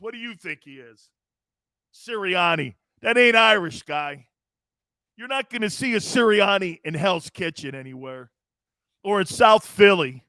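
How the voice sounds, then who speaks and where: A man hosting a sports talk show, animated and joking as he talks. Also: sits high, measured pace, dry recording, clean studio sound. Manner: animated, joking, often laughing. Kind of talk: casual sports radio talk.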